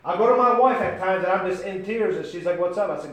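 A man preaching a sermon with great passion, swinging from shouts to near-whispers and calling his listeners by name. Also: high voice, fast talker, few pauses, echoey room, slight background noise.

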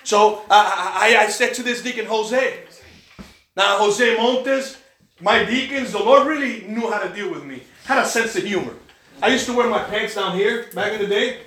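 A man preaching a sermon, telling a personal story with animated delivery and acting out the other people's lines. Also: high voice, normal speed, echoey room. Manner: animated storytelling, acts out quoted voices. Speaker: pastor. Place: church.

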